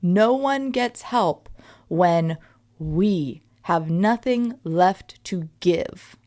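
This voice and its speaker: A woman's voice: on the low side, animated, very slow, darkish tone. A woman in her thirties hosting a solo podcast, reflecting in an emphatic, conversational way and often checking in with her listeners. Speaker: podcast host.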